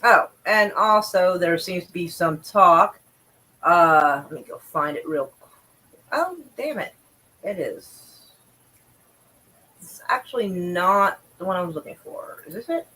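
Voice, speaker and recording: A woman's voice: fairly low pitch, animated, unhurried, long pauses, bright, forceful tone, slight background noise, low-quality recording. A woman livestreaming, reading news aloud and reacting with sarcastic, profane commentary and exasperated sighs.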